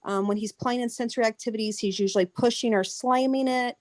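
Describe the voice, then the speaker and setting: A woman's voice: on the high side, steady tone, fast, darkish tone, no echo. A woman child care teacher asking a question on a webinar, hesitant and searching for words. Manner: hesitant, searching, with many restarts.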